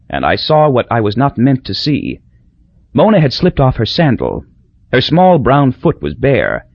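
A man narrates a novel in a wry, measured way, his husky voice swinging widely in pitch. The recording is dry and dull, with a lo-fi edge. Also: no room sound. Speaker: audiobook narrator. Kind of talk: scripted narration.

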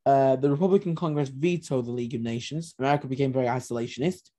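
A man's voice: medium pitch, fast talker, dark tone. A man co-hosting a history podcast, talking animatedly with sarcastic asides. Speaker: podcast co-host. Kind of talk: casual history podcast discussion.

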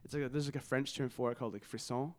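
A man's voice: medium pitch, fairly even intonation, rapid-fire. A young man co-hosting a podcast in casual chat, rambling with lots of fillers. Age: young adult. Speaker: podcast co-host.

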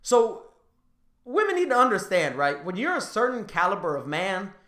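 A male podcast host tells a dating story in casual chat, speaking at normal speed in a reverberant space. He's an animated storyteller who laughs as he gets worked up, his voice rising high when excited.

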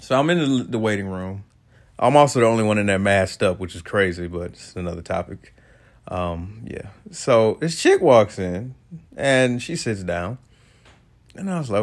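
A man's voice: lowish voice, expressive, moderate pace. A man hosting his own show, delivering a casual, profane rant with sarcastic asides and frequent laughter. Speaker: solo talk host.

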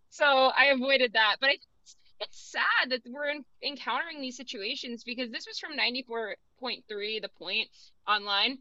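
A woman's voice: on the high side, moderate pace, bright, forceful tone, no echo, dull audio. A young woman co-hosting a college radio show, chatting casually with lots of "like" fillers. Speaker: radio co-host.

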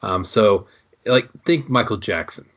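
A man asking interview questions in casual podcast chat. He is measured and hesitant, with frequent ums. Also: on the low side, fairly bright tone. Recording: dull, lo-fi recording.

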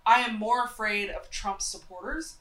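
Nasal from a cold, this young North Carolina woman co-hosts a podcast talk show, giving opinionated, chatty rambles full of fillers. She talks at a moderate pace in a medium-pitched, somewhat bright voice. The audio is poor, with a roomy sound.

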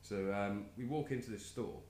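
A man's voice: lowish voice, moderate pace, darkish tone, echoey room, slight background noise. A man hosting a podcast who tells a rambling, anecdotal story in a casual chat. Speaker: podcast host.

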